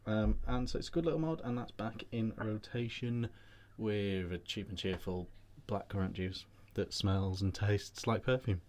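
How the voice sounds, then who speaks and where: A man's voice: on the low side, moderate pace, a little mellow. A British man hosting a casual vape chat show, telling rambling anecdotes with many restarts.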